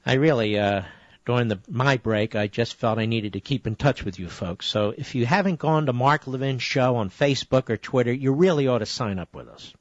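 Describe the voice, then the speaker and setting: A man's voice: medium pitch, fairly quick, no echo. A middle-aged man hosting a political talk radio show, combative and often rising into indignant tirades. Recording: dry, slightly dull radio broadcast audio.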